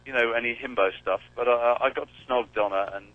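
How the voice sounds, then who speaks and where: An English celebrity phones in to a radio show from his phone while driving, his mid-range voice coming through dry and phone-quality. He talks fast in a casual chat, wry and joking, poking fun at himself.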